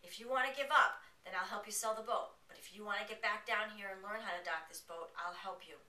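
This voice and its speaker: A woman's voice: medium pitch, brisk, bright, forceful tone. A woman voicing a patient, supportive boyfriend who talks to her firmly and encouragingly. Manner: firm, encouraging. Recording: roomy, from a distance.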